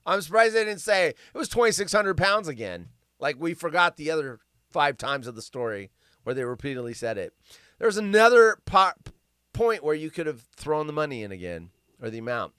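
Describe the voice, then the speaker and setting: A man's voice: fairly high pitch, big pitch swings, a little fast, a bit bright, clear, resonant tone, no echo, studio quality. A man hosting a live stream, reading news stories aloud and ranting about them in a rambling, sarcastic way that keeps going off on tangents. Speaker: livestream host.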